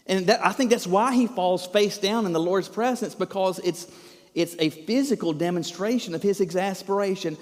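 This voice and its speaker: Emphatic preacher in an echoing hall. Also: male voice, sits high, normal speed. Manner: emphatic, asks rhetorical questions. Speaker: pastor. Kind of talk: sermon.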